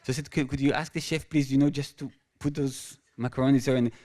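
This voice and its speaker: A man from Israel with an Israeli accent, telling a story on stage as a guest author, halting and full of restarts and repeated words. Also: medium pitch, fairly even intonation, warm tone. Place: stage at an awards event.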